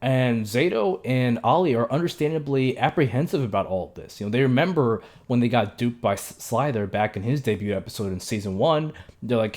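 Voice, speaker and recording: Young man, casual recap, chatty, lots of fillers and restarts, quick character impressions, mid-pitched voice. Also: animated, a little mellow. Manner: chatty, many fillers and self-corrections; mimics characters' lines in quick asides. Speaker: show reviewer.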